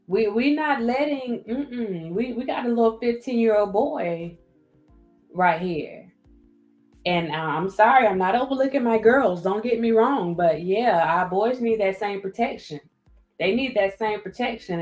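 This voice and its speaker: A woman with a Southern US accent hosting a casual livestream, reading viewer comments and thanking people by name again and again. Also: mid-range voice. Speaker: livestream host. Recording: roomy echo with faint music.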